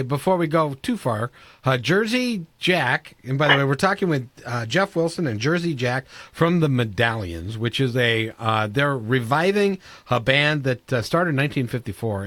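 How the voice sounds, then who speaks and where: A man hosting a radio interview, eager and quick to agree with his guests, often restarting his sentences. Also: medium pitch, fairly bright tone, dry recording. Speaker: radio show host. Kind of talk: casual interview chat.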